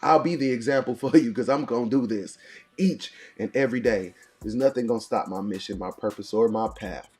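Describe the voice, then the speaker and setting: A man's voice: mid-range voice, brisk, darkish tone, soft background music. A man hosting a morning motivation show, preaching in punchy, repeated lines. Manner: preachy, punchy call-and-response cadence. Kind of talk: motivational talk.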